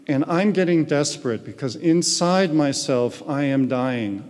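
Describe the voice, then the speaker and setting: A man's voice: fairly high pitch, unhurried, a little mellow. A man giving an earnest personal spiritual testimony as a guest speaker in a large retreat hall. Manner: earnest storytelling. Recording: long echo of a large hall.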